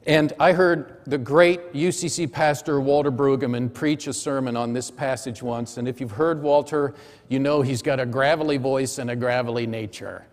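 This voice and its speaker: A middle-aged man preaching a sermon, telling a personal story in short, measured phrases. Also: medium pitch, fairly even intonation. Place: church sanctuary. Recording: church hall reverb.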